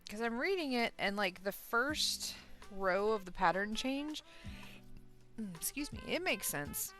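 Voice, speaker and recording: A woman's voice: fairly high pitch, sing-song, measured pace, fairly bright tone, faint music behind. A tired young woman chatting casually on a crochet livestream, rambling, laughing often and trailing off with ums. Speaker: crochet streamer.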